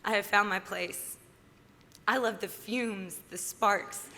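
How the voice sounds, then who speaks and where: A bright, forceful young woman in her twenties delivers an earnest acceptance speech from a podium. Her voice carries a long reverb through a large hall, with a faint murmur of background noise. She speaks with heartfelt conviction that lifts with excitement. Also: mid-range voice, a little slow. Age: 20s. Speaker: award winner giving an acceptance speech.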